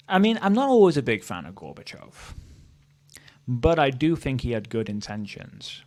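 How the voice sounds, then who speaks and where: A man's voice: mid-range voice, very animated, moderate pace, a little mellow. A Welsh man from Wales giving casual, opinionated commentary as the host of a history channel, thinking aloud as he goes. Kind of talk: casual tier-list commentary.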